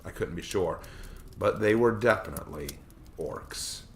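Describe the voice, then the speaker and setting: A man reading aloud a first-person story he wrote himself, in a measured, expressive narrating manner. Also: low-pitched, a little hiss or hum. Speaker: storyteller reading his own fiction.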